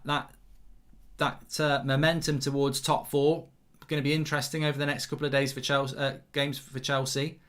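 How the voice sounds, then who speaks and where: A man's voice: a little high, bright, forceful tone. A middle-aged man hosting a live football watchalong, chatting loosely, reacting to the match as it happens and reading out viewer comments.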